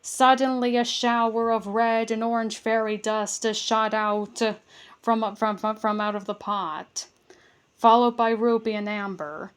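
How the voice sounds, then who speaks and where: A woman reading a children's book aloud, careful and steady, with small stumbles and restarts. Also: fairly high pitch, unhurried, clear, resonant tone. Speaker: storybook reader.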